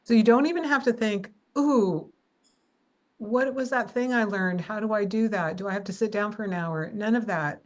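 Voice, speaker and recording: A woman's voice: mid-range voice, normal speed. A woman hosting a casual conversation, chatty and encouraging, telling anecdotes. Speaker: podcast host.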